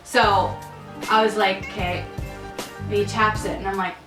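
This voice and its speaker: A woman's voice: medium pitch, flat delivery, measured pace. A woman co-hosting a podcast, telling serving stories in a casual, profane way. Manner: casual, profane, quotes people in put-on voices. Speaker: podcast co-host. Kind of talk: casual storytelling chat. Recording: echoey room, distant mic, music underneath.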